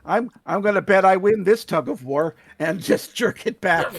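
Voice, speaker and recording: Guy with a pretty high voice laying out his moves in a tabletop game, dead dry mic. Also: normal speed, no room sound. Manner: describes actions in detail, laughs easily. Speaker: player. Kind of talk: in-character tabletop play.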